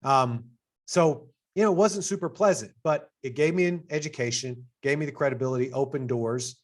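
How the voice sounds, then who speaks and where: Middle-aged texas guy giving an info session, chatty and upbeat, voice pops up high on the big points. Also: normal speed. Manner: upbeat and conversational, with sudden pitch jumps for emphasis. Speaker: assistant dean hosting an information session. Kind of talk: presentation to prospective students.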